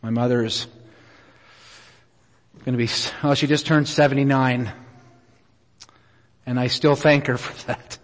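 A middle-aged man preaching a sermon, telling a personal story in an earnest, unhurried way with many pauses. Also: medium pitch, fairly even intonation. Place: church auditorium. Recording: reverberant hall.

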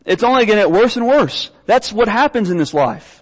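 A man's voice: high voice, expressive, fairly quick, big-room sound, rough recording. A young man preaching a sermon, earnestly reading scripture aloud and often repeating his words. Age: young adult.

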